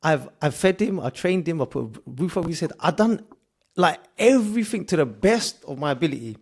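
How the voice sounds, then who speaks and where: Gravelly host who says "bro". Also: male voice, a little high, animated, a little fast. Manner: friendly, says "bro" a lot, stammers and restarts when musing. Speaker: podcast host. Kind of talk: casual conversational interview.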